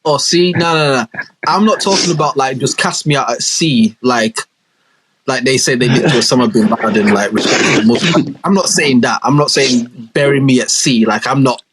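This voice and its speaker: A young man co-hosting a podcast, chatting casually in animated, slang-heavy banter full of swearing. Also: mid-range voice, normal speed, noisy background. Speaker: podcast co-host. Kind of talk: casual chat.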